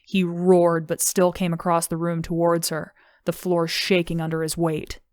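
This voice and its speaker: A woman reading an audiobook in a steady, even narration. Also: on the low side, moderate pace, no room sound, studio quality. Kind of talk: scripted narration.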